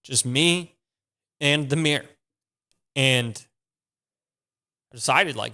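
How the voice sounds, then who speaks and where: A man's voice: mid-range voice, slow, pauses often, sharp tone. A young man hosting a podcast, telling a personal story in a casual, profane and emphatic way. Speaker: podcast host.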